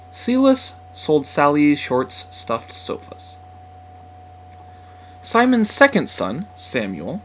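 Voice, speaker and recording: A man narrating an alliterative tongue-twister story with lively, expressive delivery. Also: medium pitch, slight background noise.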